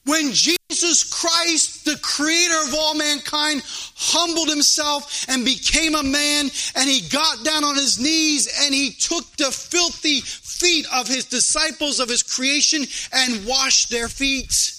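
A man's voice: very high voice, takes it slowly, bright, forceful tone, rough recording. A man preaching a fervent sermon in church, his delivery rising into a chanted cadence. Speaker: pastor.

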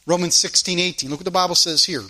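Bright, high-voiced man preaching a sermon. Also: fairly even intonation, quick pace. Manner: preaching with sudden swings between loud emphasis and quiet asides; informal spoken grammar, repeats phrases for emphasis. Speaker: pastor. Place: church.

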